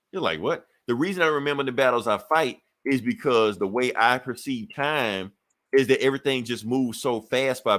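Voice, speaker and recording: Podcast guy retelling a comic story, loose and animated, swears a lot, does little voices for the characters. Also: medium pitch. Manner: animated storytelling, acting out characters' lines, profane. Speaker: podcast co-host. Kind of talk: casual comic book recap.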